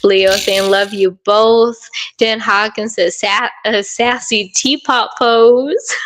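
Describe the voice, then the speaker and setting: A woman's voice: a little high, steady tone, slow pace, a bit bright. A woman co-hosting a livestream, upbeat and giggly as she reads viewer comments aloud in casual chat. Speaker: livestream co-host reading chat.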